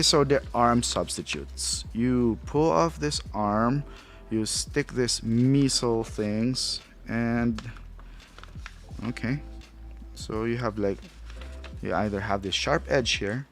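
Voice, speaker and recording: Non-native English-speaking man, low gravelly voice, slow unhurried rambling toy review over faint music. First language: not English. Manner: rambling, thinks aloud, chuckles at himself. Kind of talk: casual unboxing commentary.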